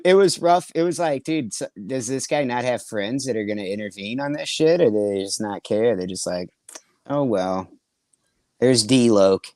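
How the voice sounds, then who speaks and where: A middle-aged man tells loose, profane stories on a comedy podcast, laughing as he goes. His voice sits at an ordinary pitch and sounds dry and close, with no room around it. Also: a little mellow, no room sound. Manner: profane, laughing, rambling anecdotes. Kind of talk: casual storytelling chat.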